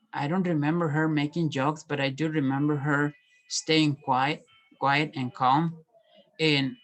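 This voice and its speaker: Halting, soft-spoken man reflecting. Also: fairly high pitch, low-quality recording. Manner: halting, many restarts and pauses. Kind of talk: personal reflective monologue.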